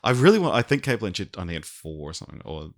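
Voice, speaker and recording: A man co-hosting a casual podcast, reading out quiz clues slowly and laughing often. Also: sits low, very animated. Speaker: podcast co-host, quizmaster.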